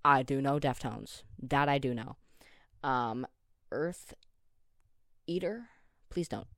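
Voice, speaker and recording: A man's voice: medium pitch, expressive, takes it slowly, fairly bright tone, no echo, clean studio sound. A young man in his late teens hosting a casual solo podcast, rambling, joking and teasing himself. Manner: rambling, jokey and self-deprecating. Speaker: podcast host. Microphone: studio headphones with a desk mic.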